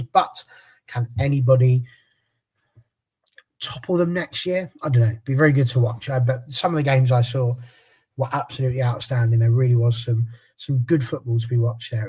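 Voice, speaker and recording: Man, podcast host, casual panel chat, jokey, chatty, mid pitch, stumbles on names. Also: a little mellow, husky. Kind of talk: casual panel chat, reading a transfer rundown.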